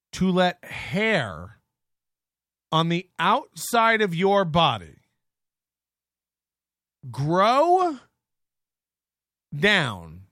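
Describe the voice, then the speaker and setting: A man's voice: high voice, sharp tone, no room sound, clean studio sound. A man hosting a livestream, ranting in a mock-serious, exaggerated way. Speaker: livestream host. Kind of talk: comic rant.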